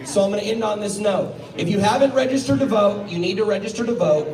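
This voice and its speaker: Blunt high-voiced man addressing a rally. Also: a little fast, hardly any pauses. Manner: blunt, combative. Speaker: rally speaker. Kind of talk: outdoor rally speech. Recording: echoey, from far off, crowd behind.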